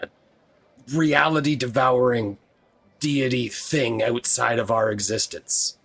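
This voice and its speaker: A man's voice: medium pitch, steady tone, slow pace, a bit bright. A man playing a tabletop role-playing game, arguing earnestly and defensively in character.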